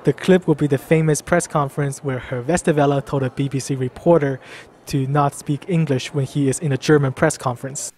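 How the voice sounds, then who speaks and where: A man's voice: on the high side, steady tone, fairly quick, few pauses, darkish tone, a little hiss or hum. A man hosting a street interview vlog, explaining plainly and asking passers-by questions outdoors in a city. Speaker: host.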